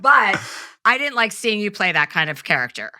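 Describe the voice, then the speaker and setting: A middle-aged woman hosts a casual talk show with a bright, clear voice. She teases her guest and laughs often as she talks. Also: medium pitch, big pitch swings, normal speed. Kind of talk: casual chat.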